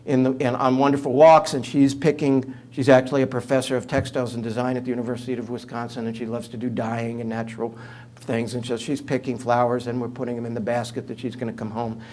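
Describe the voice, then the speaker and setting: Older new york guy telling funny stories in an interview, lots of uhs, mid-pitch voice. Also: level tone, quick pace, darkish tone. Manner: humorous storyteller, conversational with fillers. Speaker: author and guest speaker. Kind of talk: interview talk, anecdotal.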